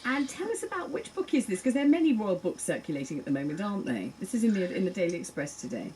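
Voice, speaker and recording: A woman's voice: medium pitch, sing-song, quick pace, a little mellow, rough recording. Radio host, middle-aged woman, dry mock-outrage, arch banter over faint hiss. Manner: arch, teasing, mock-scandalised. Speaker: radio presenter. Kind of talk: radio newspaper review chat.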